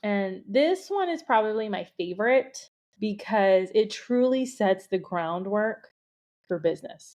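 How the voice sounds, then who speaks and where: A woman's voice: mid-range voice, animated, measured pace, a little mellow. A woman hosting her own podcast as a business coach, talking in a chatty, playful way with lots of casual fillers. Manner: chatty and playful, with frequent "you know" and "like" fillers. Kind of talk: casual solo podcast talk.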